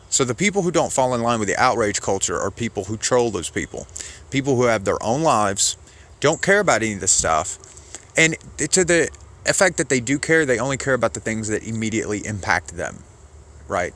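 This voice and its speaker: A man's voice: fairly low pitch, lively intonation, a little fast, a bit bright. A man giving casual political commentary, argumentative and sarcastic, rambling as he rebuts a clip.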